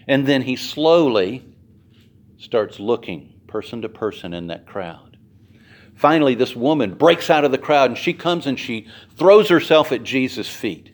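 A man preaching a sermon as dramatic storytelling, swinging from loud to hushed. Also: medium pitch, big pitch swings, moderate pace. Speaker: pastor.

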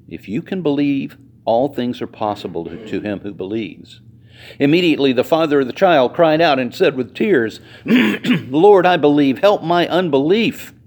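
A male pastor with a medium-pitched, slightly mellow voice reads scripture aloud and preaches to his congregation. He acts out the quoted voices and speaks to the listeners directly in a conversational way.

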